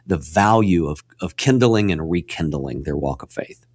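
Guesting on a Christian radio interview, a low-voiced man talks at a normal pace in clean studio sound with no room noise. His delivery is earnest and preacherly, full of restarts and repeated words, climbing to emphatic peaks when he gets excited.

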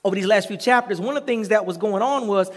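A man's voice: high voice, quick pace. A middle-aged man preaching a sermon as pastor, reading scripture and then telling stories with chanted, repeated lines and prompts for the congregation to answer. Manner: preaching with call-and-response and chanted repetition. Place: church sanctuary. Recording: long hall reverb.

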